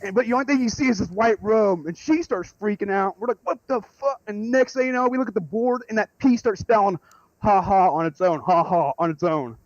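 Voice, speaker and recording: Rambling, excitable man caller. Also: sits high, a little fast, no room sound, dull audio. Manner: rambling, excitable, swears freely. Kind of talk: casual storytelling.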